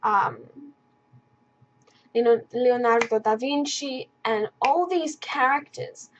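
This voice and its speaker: A woman's voice: a little high, slow, highs cut off, slight background noise. A woman gaming vlogger in casual commentary, rambling enthusiastically with many fillers.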